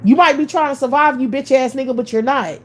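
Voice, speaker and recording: A woman from the United States, her voice sitting a little high, rants with open scorn. She swears constantly and fires off rhetorical questions one after another. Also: fast talker. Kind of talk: profane ranting monologue.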